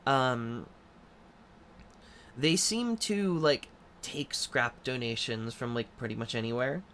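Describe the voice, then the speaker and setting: A man's voice: medium pitch, slow pace, a bit bright, a little hiss or hum. A man narrating a tabletop game as game master, loosely describing scenes with many ums and likes.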